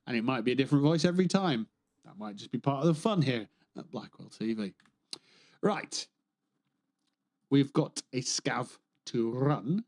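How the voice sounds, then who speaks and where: A man's voice: medium pitch, a little mellow. A man on a gaming livestream, chatting casually, rambling and joking, swearing freely. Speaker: streamer.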